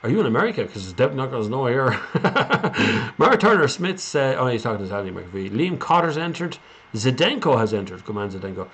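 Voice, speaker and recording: A man's voice: mid-range voice, big pitch swings, a little fast, fairly bright tone. An Irish man hosting a live stream, chatting casually and rambling as he reads out viewer comments.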